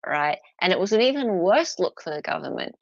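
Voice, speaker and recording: In a fairly low, sing-song, creaky voice that moves a little fast, an Australian woman chats and laughs with viewers on a casual stream about a court trial. She responds to chat and pokes fun at posh barristers in put-on voices. There's no echo, and the highs are cut off.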